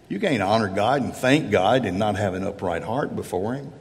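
A man's voice: fairly low pitch, animated, normal speed, vocal fry, hardly any pauses. Earnest preaching man in reverberant church. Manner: earnest preaching, acts out prayers in first person. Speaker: pastor. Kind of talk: sermon. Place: church sanctuary.

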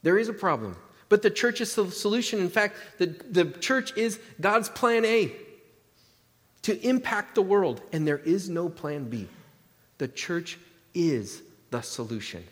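A man's voice: high voice, animated, measured pace, big-room sound. A man pastor preaching a sermon to his church in a conversational way, with humor and rhetorical questions. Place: church sanctuary.

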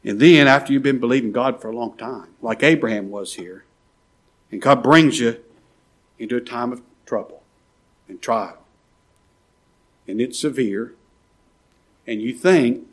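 A man's voice: mid-range voice, unhurried, long pauses, husky. A man preaching a sermon in church, impassioned and pleading, his voice often rising to urgent cries. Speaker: pastor.

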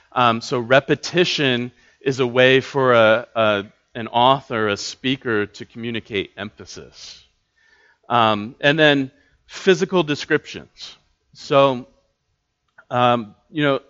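A man's voice: mid-range voice, fairly bright tone, dull audio. A man teaching a Bible study class in a casual way, with many fillers and restarts.

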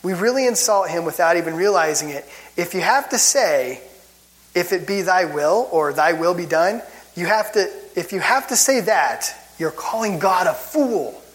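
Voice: medium pitch, expressive, moderate pace. Wry chuckling Bible teacher. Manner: gets worked up. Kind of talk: casual teaching talk.

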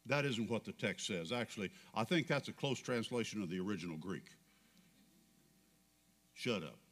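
A man preaching a sermon as pastor, dramatic, swinging between loud declarations and hushed questions. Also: on the low side, expressive, fairly quick, long reverb tail.

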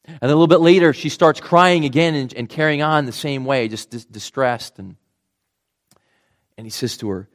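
A man's voice: on the high side, normal speed. Earnest male preacher. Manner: earnest, restarts words, drops to a soft hush for tender moments. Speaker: pastor. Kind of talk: sermon.

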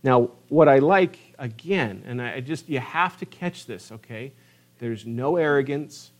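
A middle-aged man preaching a sermon, lively and emphatic, reading scripture and pressing home his points. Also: medium pitch, unhurried. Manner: animated preaching, rising to emphatic peaks. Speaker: pastor.

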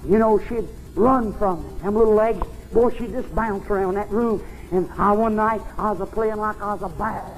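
A man preaching a fervent, folksy revival sermon at a church service, often climbing into shouts. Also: high-pitched, normal speed, few pauses, soft background music, low-quality recording.

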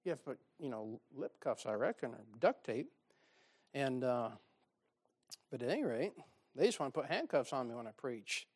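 A man's voice: mid-range voice, sing-song, normal speed, a little mellow. A man preaching a sermon, telling folksy stories with dry sarcasm. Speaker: pastor.

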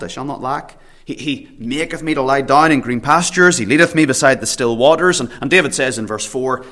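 A man's voice: medium pitch, moderate pace, pushed and bright. A pastor preaching at a church prayer meeting, earnest, reading scripture in old King James wording and often repeating a word as he starts a phrase. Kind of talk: sermon.

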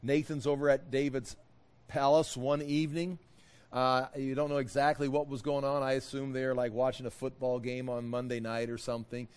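A man's voice: medium pitch, flat delivery, normal speed, a little mellow, smooth. A man teaching a Bible study in a folksy, conversational way, retelling scripture with modern asides and stopping to explain Hebrew words.

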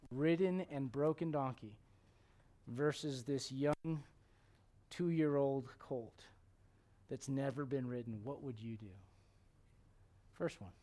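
Male preacher, lively storytelling sermon, fairly high voice. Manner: animated storytelling, acts out quotes, drops to hushed tones.

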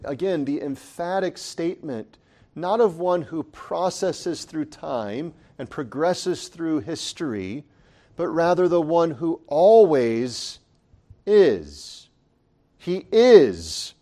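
A man preaching a sermon in a deliberate, emphatic way, leaning on key phrases and repeating them for weight. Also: a little high, warm tone.

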